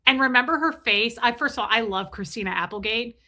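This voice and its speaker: Bright-voiced sarcastic woman streamer. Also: fairly high pitch, fast talker. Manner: blunt, sarcastic, reads chat names aloud. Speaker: live stream host. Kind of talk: casual live-stream commentary.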